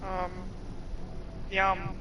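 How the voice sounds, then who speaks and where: A woman's voice: medium pitch, completely flat delivery, far from the mic, dull audio, slight background noise. A woman co-streaming a game, chatting casually and laughing often. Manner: laughs often, drawn-out delivery. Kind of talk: casual chat.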